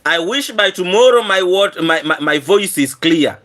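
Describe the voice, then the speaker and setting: A hoarse-voiced man chatting on a live stream sounds high-pitched and expressive, talking at normal speed, with a raised voice that stays sharp and bright despite the roughness. Earnest and repetitive, he thanks viewers constantly and keeps clearing his throat.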